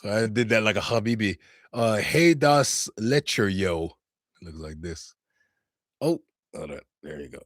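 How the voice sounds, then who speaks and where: A man with a fairly low voice hosts a casual livestream, chatting and reacting to his viewers. The sound is dry and close, with no room echo. He talks in an animated, easygoing way and exclaims often. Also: normal speed, pauses often. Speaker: livestream host. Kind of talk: casual chat reading live chat. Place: home in Finland.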